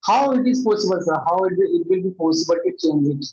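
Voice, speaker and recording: A man's voice: high-pitched, expressive, fast, vocal fry, warm tone, dull audio. A man from India speaks hesitantly and politely as a learner, repeating himself and addressing his partner as sir. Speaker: English learner. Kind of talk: conversational English practice session.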